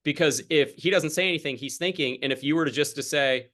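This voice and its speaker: A man's voice: mid-range voice, fast talker, a bit bright. A young man coaching a sales team over a video call, chatty and casual, acting out exchanges with customers. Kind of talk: sales training talk on a group video call.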